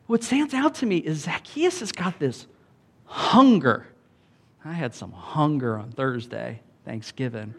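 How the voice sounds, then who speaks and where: A pastor with a somewhat high voice delivers a sermon in a relaxed, chatty way. He talks like he is speaking with friends and keeps checking in with his listeners. His delivery swings between easy asides and animated emphasis. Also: a little slow. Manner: conversational, animated preaching with many "like"s and calls of "Amen?".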